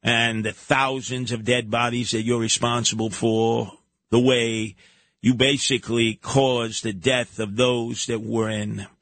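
A man's voice: mid-range voice, little pitch movement, measured pace, a bit bright, dry recording. A man hosting a talk radio show, giving combative, sarcastic commentary. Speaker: radio host.

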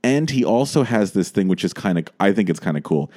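A man's voice: fairly low pitch, fairly quick. A man co-hosting a podcast, playful and jokey in casual chat. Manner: playful, jokey, lively swings. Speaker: podcast co-host.

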